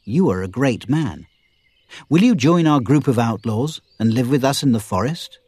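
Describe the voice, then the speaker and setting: A confident, playful outlaw leader speaks with lively, rising and falling tones, read by a male narrator. The voice is husky and dry, recorded close up. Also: mid-range voice, moderate pace, no room sound. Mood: warm.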